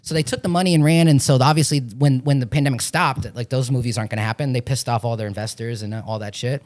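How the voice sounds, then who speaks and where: A man in his forties from Florida, an actor talking as a podcast guest in a casual, animated way, swearing often as he tells stories. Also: medium pitch, fast. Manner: profane, animated storytelling with frequent swearing. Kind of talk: casual chat.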